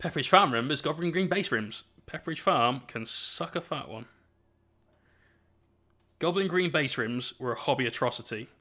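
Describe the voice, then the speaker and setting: Bright-voiced man joking while painting. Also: medium pitch, lively intonation, normal speed. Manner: joking banter with chat; explains painting steps as he works. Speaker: miniature painting streamer. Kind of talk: casual live-stream chat while painting.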